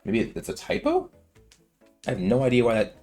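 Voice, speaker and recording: A medium-pitched man in his twenties talks briskly in a darkish tone with huge swings in pitch, over soft background music. He's a let's-play gamer whose casual gameplay commentary rambles and overflows with slang and filler.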